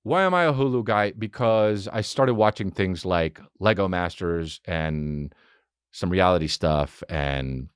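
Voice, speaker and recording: A man's voice: measured pace, smooth, dry recording. Fortyish dude ranting on his podcast, cussing a lot, voice jumps way up when he gets hyped, dead dry mic. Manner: profane, excitable, swings into high-pitched bursts. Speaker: podcast host. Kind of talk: rambling comedic monologue. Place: home studio with dog present.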